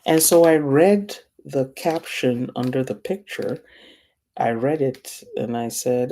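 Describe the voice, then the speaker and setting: A middle-aged woman from Africa teaches a class through a personal story. Her voice is gravelly, dark and mellow, and she acts out the voices of the people she quotes. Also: very deep voice, takes it slowly, slight background noise.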